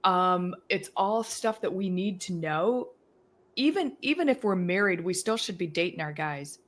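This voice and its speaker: A woman in her thirties or forties hosting a casual chat, agreeable and quick to laugh. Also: lowish voice, lively intonation. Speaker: host.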